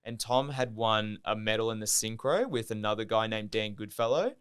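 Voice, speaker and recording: Rambling young Australian man, smooth voice. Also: fairly low pitch, moderate pace. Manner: rambling, heavy use of "like", swears freely. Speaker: podcast guest, diver. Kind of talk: casual storytelling chat.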